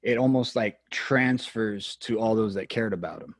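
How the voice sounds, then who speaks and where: A man hosting a podcast, speaking earnestly and agreeing warmly with his guest before adding his own view. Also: lowish voice, moderate pace, no room sound. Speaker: podcast host. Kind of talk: casual podcast conversation.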